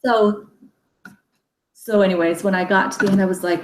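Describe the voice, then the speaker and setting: A chatty woman hosts a relaxed book discussion, rambling with fillers and breaking into laughs. Her voice sits at an ordinary pitch. The room is echoey, with a faint hum of ambient noise behind her. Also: normal speed. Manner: chatty, laughs often, many fillers and restarts. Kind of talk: casual chat.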